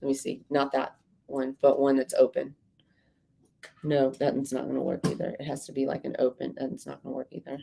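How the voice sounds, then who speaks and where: Woman with a low, deep register; casual podcast co-host, ranting and exasperated, swears freely. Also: monotone, brisk, creaky, warm tone, slight background noise. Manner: ranting, exasperated storytelling with profanity. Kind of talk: casual livestream chat.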